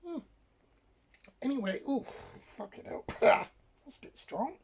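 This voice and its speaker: A woman's voice: high-pitched, expressive, a little slow, dark tone, slight background noise. A British woman vlogging in a mock-posh put-on voice, swearing and chuckling as she reacts to the news. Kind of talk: comic news-reaction vlog.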